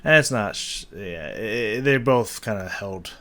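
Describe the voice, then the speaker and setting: Male reaction host, lowish voice, casual and halting music breakdown. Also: expressive. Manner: hesitant, many fillers and restarts, hums rhythms aloud.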